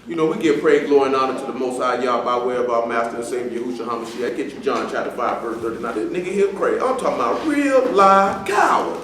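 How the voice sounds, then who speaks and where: A man's voice: mid-range voice, expressive, fast, hardly any pauses, fairly bright tone. A man preaching and scolding a young man in front of the congregation, talking in a stern, slangy, conversational way. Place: church assembly room. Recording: far from the mic in an echoey hall with faint noise.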